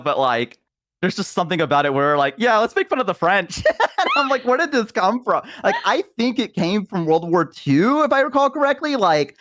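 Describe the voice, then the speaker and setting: A woman's voice: sits low, dry recording, studio quality. A young woman streamer chatting casually, rambling with many fillers and laughs.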